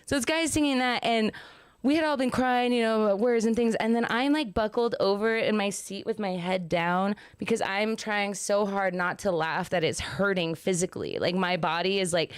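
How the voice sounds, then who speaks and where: A young woman hosting a casual podcast, spinning an animated story and laughing often as she goes. Her voice is smooth and clear, recorded close and dry with no room sound. Her pitch sits in an ordinary middle range. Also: moderate pace, no room sound. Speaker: podcast host.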